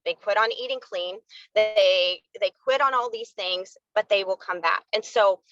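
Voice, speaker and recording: A woman's voice: mid-range voice, unhurried, bright, forceful tone, no echo, muffled recording, faint music behind. A woman leading her sales team in a candid, fired-up motivational live talk, saying y'all. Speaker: network marketing team leader.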